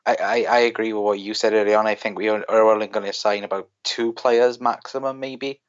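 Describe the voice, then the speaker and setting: A man with a Welsh accent from South Wales, co-hosting a casual chat and giving quick opinions with lots of "like". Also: fairly low pitch, steady tone, clear, resonant tone, muffled recording. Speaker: co-host.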